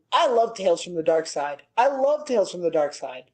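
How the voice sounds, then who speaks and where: A man with a noticeably high-pitched voice hosts a casual podcast chat. He sounds upbeat and steers the conversation by asking his co-host questions. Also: sing-song, fairly quick, a little mellow, low-quality recording. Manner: upbeat, leads the talk with questions.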